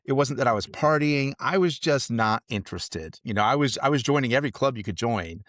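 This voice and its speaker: A man guesting on a podcast, telling his story in a relaxed, self-deprecating, joking way. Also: medium pitch, brisk, no echo, clean studio sound. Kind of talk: casual storytelling interview.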